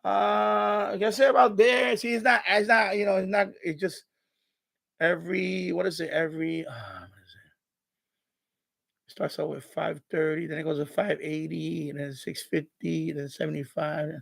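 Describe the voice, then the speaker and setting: A man's voice: on the high side, level tone, normal speed, vocal fry, a bit bright. A man hosting an unscripted live stream from his home radio room, rambling, swearing a lot and sounding irritable as he shows his radios.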